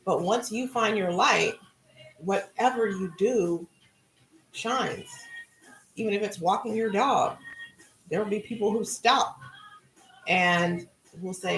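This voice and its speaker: Middle-aged woman, gravelly voice, casual spiritual talk, card-reading host, echoey room. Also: mid-range voice, takes it slowly, long pauses, slight background noise. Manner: relaxed, musing, conversational.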